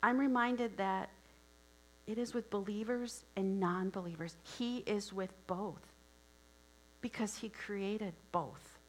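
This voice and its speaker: A woman's voice: medium pitch, takes it slowly, rough recording. A woman from Wisconsin giving a sermon, telling a story conversationally with asides and questions to listeners. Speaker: preacher.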